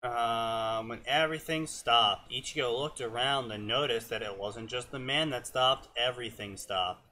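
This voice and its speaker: A man's voice: medium pitch, moderate pace, few pauses. Young man reading fanfiction with snark. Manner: reads flatly, slips and stumbles on names. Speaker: co-host reading fanfiction aloud. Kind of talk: casual reading with mocking commentary.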